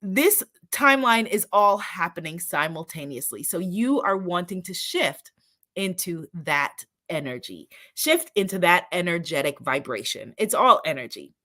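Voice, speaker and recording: A woman's voice: on the low side, big pitch swings, unhurried, bright, forceful tone. A woman hosting an inspirational live-stream talk, enthusiastic, laughing often and repeating affirmations. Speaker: spiritual host.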